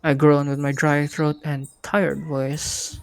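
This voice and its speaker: A woman with a low voice narrates a first-person story on a live reading stream. Her reading is steady and easygoing, and the sound is close and dry. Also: slow pace, gravelly, no room sound. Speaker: host and narrator.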